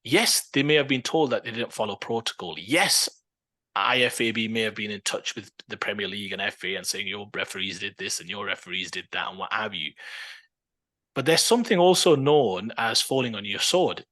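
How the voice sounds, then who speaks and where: A man co-hosts a casual football podcast, his voice bright and forward. He argues his points in an animated, opinionated way, breaking into fillers and restarts as he thinks aloud. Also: fairly low pitch, normal speed. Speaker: podcast co-host.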